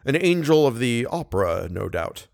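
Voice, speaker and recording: A man reading an audiobook, voicing a skeptical police commissary with a measured, ironic, solemn manner. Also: medium pitch, very animated, vocal fry, darkish tone, no echo, studio quality.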